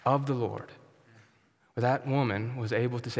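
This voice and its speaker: A man preaching a sermon as pastor, earnest and emphatic, sometimes dropping to a soft, quiet tone. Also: mid-range voice, steady tone, moderate pace, big-room sound. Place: church sanctuary.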